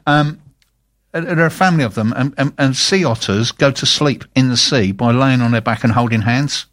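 A man's voice: medium pitch, moderate pace, a bit bright, no echo, studio quality. A man co-hosting a radio show, chatting casually and reading out local event listings, often stumbling on restarts. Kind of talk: casual radio chat and announcements.

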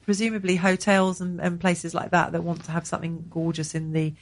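Brisk Essex woman asking questions. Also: on the low side, flat delivery. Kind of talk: casual chat.

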